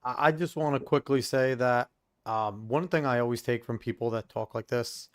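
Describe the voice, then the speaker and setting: A man's voice: medium pitch, moderate pace, a crowd in the background. A man co-hosting a podcast, laying out an argument in emphatic, casual commentary. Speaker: podcast co-host.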